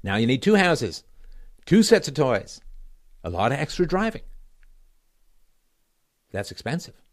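A man's voice: medium pitch, big pitch swings, unhurried. Sarcastic man ranting on his show. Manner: sarcastic, emphatic, swings from loud to quiet. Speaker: show host. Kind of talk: solo political commentary rant.

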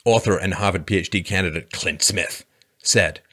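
A man's voice: low voice, moderate pace, a bit bright. A man giving sarcastic political commentary in a mocking, dry way, often sighing and scoffing.

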